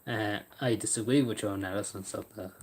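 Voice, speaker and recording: A man's voice: on the low side, fairly even intonation, fairly quick. Rambling Irish border-accent man. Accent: Irish border, Cavan. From Ireland. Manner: rambling, swears, wry. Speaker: livestream host. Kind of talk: casual livestream chat reading the chat.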